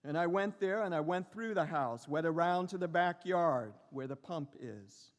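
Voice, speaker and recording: A middle-aged man giving a lecture as a professor, speaking slowly and reflectively with lyrical repetitions and pauses. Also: on the high side, animated, dull audio. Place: large lecture hall. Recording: long reverb of a large hall.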